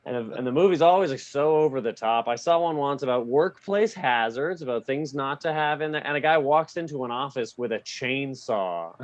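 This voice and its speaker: A man's voice: medium pitch, animated, normal speed, few pauses, no echo. A man doing a stand-up comedy set on a club stage, self-deprecating and laughing at his own jokes. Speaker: stand-up comic.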